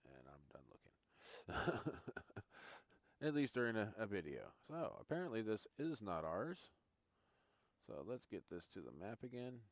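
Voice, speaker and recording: Chatting casually with viewers, a man tours a farming game live and thinks aloud along the way; he's a gaming streamer. His fairly low voice swings widely in pitch at a measured pace, with no room sound.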